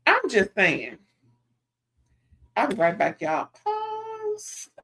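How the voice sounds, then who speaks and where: A woman talking straight to her audience about a reality show. She is casual and gossipy, and she drifts between relaxed storytelling and loud, sassy asides. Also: lowish voice, slow, gravelly. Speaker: reality TV recap vlogger.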